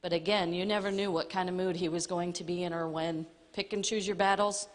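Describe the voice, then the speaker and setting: Low-voiced woman testifying in a hall. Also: steady tone, brisk. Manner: plain step-by-step storytelling. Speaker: church testimony speaker. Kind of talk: personal testimony to a congregation. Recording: long hall reverb.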